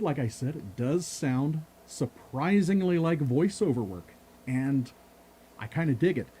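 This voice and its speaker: Lively, husky-voiced male product reviewer. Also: on the high side. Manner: enthusiastic, jokey.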